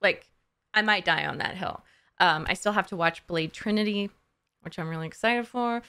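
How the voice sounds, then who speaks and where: A young adult woman hosting a casual reaction chat, gushing as an excitable fan. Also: on the low side, moderate pace, clear, resonant tone. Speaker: host reacting to a game trailer.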